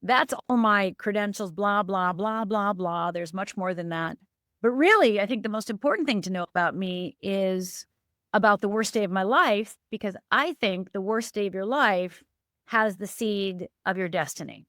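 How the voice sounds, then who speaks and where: A middle-aged woman from Upper Michigan, a life coach appearing as a podcast guest, tells a painful story from her life. She speaks at a moderate pace with lively intonation and a fairly bright tone, earnest and emphatic, her pitch lifting and dropping suddenly. The studio recording is clean with no echo.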